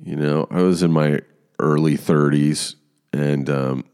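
Deep-voiced man telling a story with lots of swearing. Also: measured pace, smooth. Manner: profane, animated storytelling. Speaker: podcast host. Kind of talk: casual storytelling monologue.

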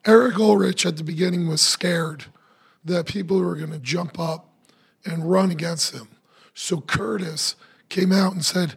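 A man with a New York accent, hoarse from losing his voice, talking in a rapid, rambling, casual way as a guest candidate on a podcast. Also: sits high, fairly even intonation.

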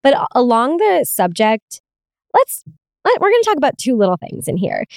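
A woman's voice: high voice, very animated, moderate pace, gravelly, dry recording, clean studio sound. A young woman hosting a casual solo podcast, talking candidly, swearing freely and laughing often. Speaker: podcast host.

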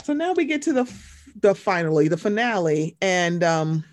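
A woman's voice: on the low side, moderate pace, no echo, studio quality. A woman co-hosting a podcast, chatting about reality TV and acting out quotes with a lot of swearing. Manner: animated, acts out quotes, swears freely. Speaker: podcast co-host. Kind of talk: casual chat recapping reality TV.

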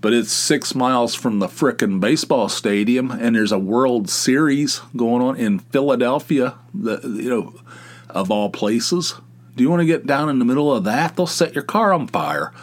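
A man's voice: mid-range voice, moderate pace. A middle-aged man hosting a podcast, rambling through a casual comic monologue with lots of restarts and exasperated asides. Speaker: podcast host.

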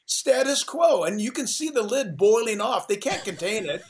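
A man's voice: high voice, very animated. A man who is a pastor, talking with sermon-like passion and driving, repeated phrases. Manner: emphatic, rapid-fire repetition. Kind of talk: impassioned sermon-like talk.

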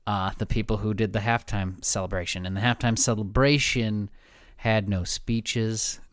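A man's voice: fairly low pitch, fairly even intonation, normal speed, dry recording, clean studio sound. A man co-hosting a sports podcast in casual chat, easygoing and moving the talk from game to game. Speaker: podcast co-host.

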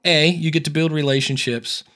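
A man with a slightly higher-than-average pitch and a resonant, radio-ready voice, talking as a podcast guest. He tells stories in a chatty, animated way and acts out the people he quotes. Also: normal speed. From Ohio. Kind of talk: casual interview storytelling.

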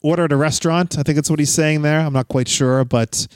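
A man hosting a podcast, chatting freely and reading listener messages aloud. His voice sits a little high, and the close mic sounds dry and dead, with no room around him. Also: fairly even intonation, fast talker, no echo. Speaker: podcast host. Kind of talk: casual podcast chat.

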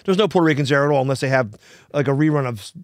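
A man's voice: mid-range voice, dry recording, clean studio sound. A man telling rambling stories on a casual podcast, full of restarts. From Philadelphia, US. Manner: rambling, halting restarts, laughing easily. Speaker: plumber guest.

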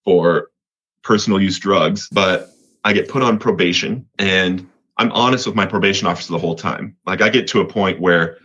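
A man's voice: low-pitched, normal speed, a bit bright, breathy edge, dull audio. A man from Colorado, a podcast guest giving an earnest personal faith testimony, often restarting and repeating words.

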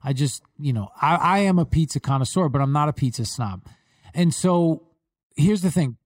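A Long Island man with a New York accent and a slightly high voice hosts a podcast, chatting casually at normal speed and telling stories with lively emphasis. The audio is studio quality with no room sound.

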